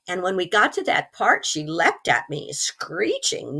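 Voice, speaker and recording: Hoarse while getting over pneumonia, a middle-aged woman recounts something personal as an interview guest. She comes across as earnest and lively, with a low voice and a moderate pace.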